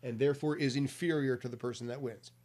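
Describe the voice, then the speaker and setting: A man's voice: medium pitch, steady tone, fast, a little mellow. Wry, teasing man on a podcast. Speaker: podcast guest. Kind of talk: casual podcast chat.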